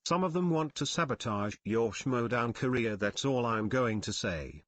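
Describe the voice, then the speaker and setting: A man's voice: mid-range voice, expressive, moderate pace, crowd noise. A man reading out donations and chatting on a panel show in a friendly way. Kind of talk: casual panel chat.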